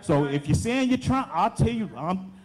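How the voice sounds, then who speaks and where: Young male deacon delivering a sermon; slightly high voice, drives points home by repeating them. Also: expressive, normal speed, darkish tone. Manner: emphatic preaching with repeated phrases.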